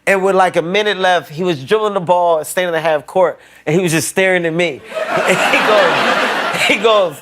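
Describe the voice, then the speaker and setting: A man on a talk show telling a comic story excitably, laughing as he goes. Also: sits high, measured pace, pauses often, over a noisy crowd, very noisy. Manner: excitable, laughing through stories.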